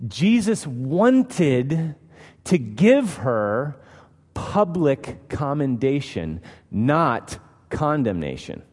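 A man's voice: a little high, darkish tone. A man preaching a sermon as pastor, emphatic and posing rhetorical questions to his listeners. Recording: long hall reverb.

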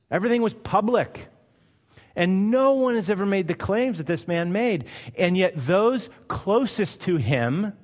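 A male pastor delivering a sermon, emphatic and conversational, firing off rhetorical questions. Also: high voice. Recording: long hall reverb.

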